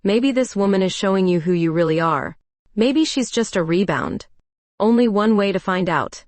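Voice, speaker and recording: A woman's voice: medium pitch, animated, moderate pace, no room sound, natural voice. A woman voicing a blunt, teasing female best friend in her late thirties in a storybook dialogue, talking in a bossy, pushy way. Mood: earnest.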